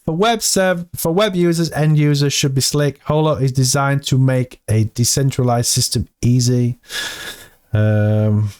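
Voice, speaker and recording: A man giving casual, excitable commentary to his viewers while reading through a crypto AMA. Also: mid-range voice, measured pace, smooth. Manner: excitable, hyped, talks to viewers as "team". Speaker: crypto vlogger.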